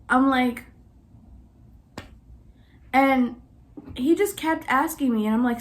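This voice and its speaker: Woman, 20s, vlogger, casual storytelling, animated, exasperated, chatty, higher voice. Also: slow pace, pauses often.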